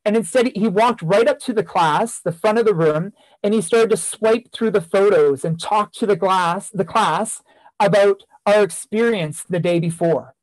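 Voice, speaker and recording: In this poor-quality clip with no room sound, a man with a high voice speaks at a normal speed. He's a keynote speaker and former teacher, sincerely sharing a tale from his teaching days and driving points home through repetition.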